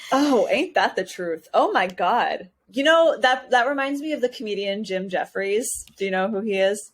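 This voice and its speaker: A woman's voice: mid-range voice, animated, normal speed. A woman co-hosting a podcast from Hawaii in a casual chat, bubbly and giggly with frequent exclamations. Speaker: podcast co-host.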